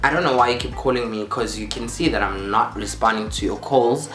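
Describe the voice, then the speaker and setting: A man's voice: medium pitch, fairly quick, a bit bright. A young South African man vlogging a storytime, acting out quotes and repeating phrases for drama. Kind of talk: storytime vlog. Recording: roomy echo with faint music.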